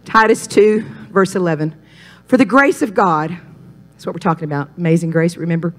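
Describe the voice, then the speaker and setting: A woman preaching a sermon, moving from loud, ringing declarations to hushed whispers and calling the congregation to repeat after her. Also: on the low side, a little fast. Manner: calls congregation to repeat phrases.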